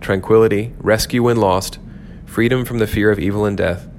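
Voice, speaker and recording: Low gravelly guy doing a podcast bible talk, earnest and reflective, faint noise under it. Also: fairly even intonation, normal speed, a little mellow. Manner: earnest, reflective preaching with emphatic repetition. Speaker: podcast host teaching on scripture.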